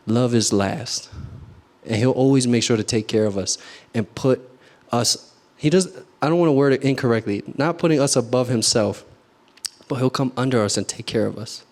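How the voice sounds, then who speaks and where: A man's voice: mid-range voice, normal speed, darkish tone. Young man, youth sermon, earnest, casual, many fillers, asks the crowd questions. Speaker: youth speaker. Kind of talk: short youth group sermon.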